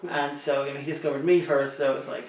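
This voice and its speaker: A man's voice: medium pitch, level tone, fast talker, far from the mic. A man in a casual chat, talking hesitantly with lots of "you know" and "um". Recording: echoey room, off-mic.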